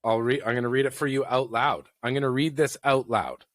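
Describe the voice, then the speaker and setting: A man's voice: medium pitch, fairly even intonation, a little fast, no room sound, studio quality. A man co-hosting a podcast, chatting casually and joking in a rambling, playful way. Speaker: podcast co-host. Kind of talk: casual chat.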